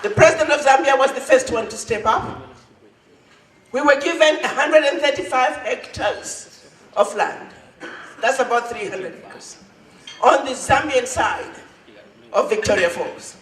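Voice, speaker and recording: A woman ambassador giving an impassioned public speech at an event, rhetorical and rising to shouts. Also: high voice, unhurried, pauses often. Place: large event hall. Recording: echoey hall, voice from far off.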